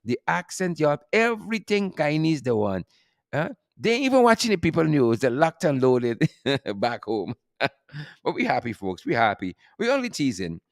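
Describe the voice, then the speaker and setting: A man's voice: a little high, big pitch swings, moderate pace, gravelly, no room sound, clean studio sound. A middle-aged Guyanese man hosting a casual live stream, teasing playfully, laughing often and reading out viewer names. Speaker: host.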